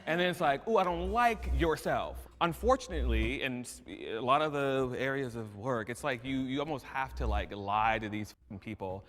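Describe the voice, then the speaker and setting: A man's voice: medium pitch, moderate pace, hardly any pauses, a bit bright, big-room sound. A man in a panel discussion who speaks mockingly and imitates other people's voices. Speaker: panel participant.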